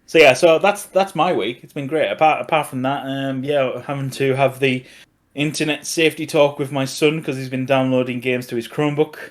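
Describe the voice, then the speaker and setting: A man's voice: medium pitch, steady tone, normal speed. A middle-aged man with an Australian accent, co-hosting a casual podcast chat, rambling and laughing often. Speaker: podcast co-host.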